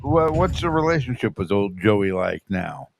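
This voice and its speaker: A man's voice: lowish voice, sing-song, moderate pace, vocal fry, a little hiss or hum. A man hosting a casual commentary chat, steering the talk and agreeing with short replies. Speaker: host.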